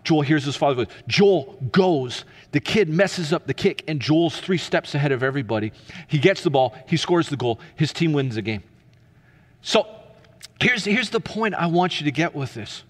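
Earnest preacher in an echoing hall. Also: male voice, a little high, expressive, normal speed. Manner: earnest, building to emphatic peaks then dropping soft. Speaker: pastor. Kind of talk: sermon.

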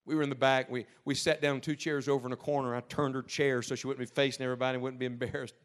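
A man preaching a sermon, telling a story earnestly, dropping to a hush and then rising to emphatic peaks. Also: medium pitch, flat delivery, very fast. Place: church service with a live audience.

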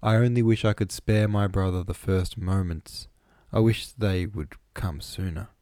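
A man voicing a gentle, sorrowful young noblewoman in an audiobook, reading her lines in a raised, pleading tone. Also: sits low, measured pace, dry recording. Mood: earnest.

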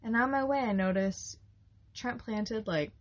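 A young woman co-hosting a podcast, telling a farm story in a rambling, casual way with lots of fillers and quick laughs. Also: on the high side, dull audio. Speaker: podcast co-host, flower farmer.

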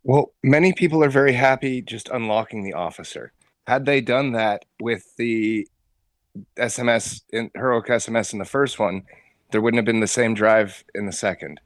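A man co-hosting a casual gaming podcast, laying out his analysis in a measured way. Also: medium pitch, no echo. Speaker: podcast co-host.

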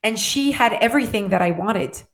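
A woman's voice: medium pitch, expressive, moderate pace. Earnest woman coaching with direct check-ins. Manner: heartfelt and rambling, with restarts. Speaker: motivational speaker on weight and wellness. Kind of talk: earnest motivational monologue.

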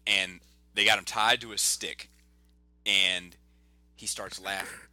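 A man's voice: deep voice, slow pace, no echo. A man hosting a casual podcast chat, telling stories in a loose, swearing way. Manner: animated, swearing storyteller.

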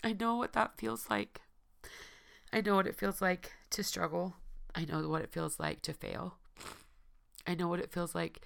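A woman podcast host speaking earnestly and tearfully to her listeners, her voice hoarse, repeating phrases for emphasis. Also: lowish voice, steady tone, moderate pace, long pauses, a bit bright. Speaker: podcast host and recovery coach. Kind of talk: heartfelt personal address to listeners.

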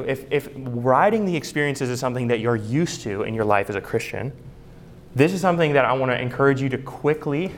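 A man preaching from the pulpit in a mid-range voice. He speaks earnestly and stresses his points with rhetorical questions, keeping a steady teaching tone. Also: medium pitch. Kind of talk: sermon.

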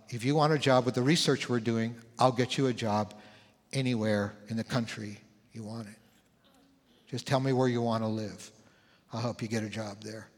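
A man in his sixties, a pastor, telling a personal story in a sermon, conversational and animated, acting out what people said. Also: mid-range voice. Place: church sanctuary. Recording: long church hall reverb.

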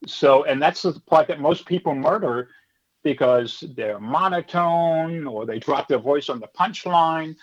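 A man's voice: fairly high pitch, measured pace, muffled recording. A middle-aged man, a stand-up comedy teacher, telling stories in a chatty, rambling, self-assured way during a casual interview.

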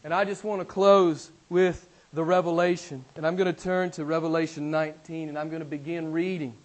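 Here a pastor's sermon to a small congregation swings between loud, high-pitched cries and soft, deep passages, full of repetition and rhetorical questions. His intonation is fairly even and his pace a bit quick.

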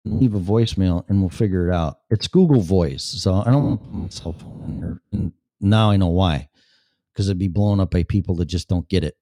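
Blunt, sarcastic man with a low voice. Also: normal speed, warm tone, no echo, clean studio sound. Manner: blunt, sarcastic, swears freely. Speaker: talk show host. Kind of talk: casual solo show, reading chat aloud.

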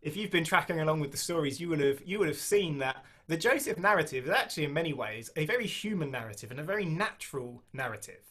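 Man preaching a sermon, slightly high voice. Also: expressive, a bit bright. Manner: reads scripture slowly, stresses key phrases; conversational with restarts. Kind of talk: sermon with scripture reading.

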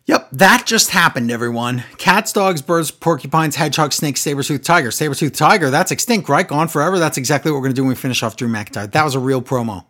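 Animated man recapping wrestling. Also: fairly high pitch, fast talker, hardly any pauses. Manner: animated, acts out quotes in exaggerated voices. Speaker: wrestling podcast co-host. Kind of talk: casual recap chat.

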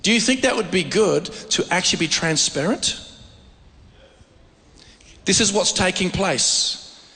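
Male preacher, storytelling sermon, slightly higher voice, long hall reverb. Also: a little slow. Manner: animated storytelling with frequent restarts.

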